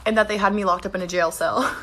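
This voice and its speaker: A woman's voice: mid-range voice, steady tone, fast talker, fairly bright tone. A young woman telling a mischievous comic story, giggling often.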